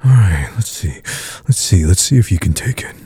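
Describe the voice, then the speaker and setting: A man playing a low, husky dominant lover. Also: animated, normal speed, mellow, dry recording, exaggerated voice. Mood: taunting. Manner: low taunting murmur, many breathy grunts. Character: dominant teasing adult man, commanding. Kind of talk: audio role-play.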